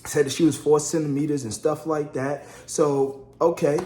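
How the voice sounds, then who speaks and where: A man spins a lively story about his wife's labor, calling out to viewers as he goes. His voice sits a little high. The room around him is echoey. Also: moderate pace, slight background noise. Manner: animated, chatty, addresses viewers as y'all, acts out quotes. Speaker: husband telling a birth story. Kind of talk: casual storytelling vlog.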